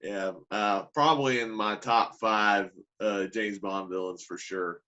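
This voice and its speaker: A man co-hosting a podcast, talking about movies in a relaxed, measured way with a few hesitations. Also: fairly low pitch, muffled recording. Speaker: podcast co-host. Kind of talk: casual movie review chat.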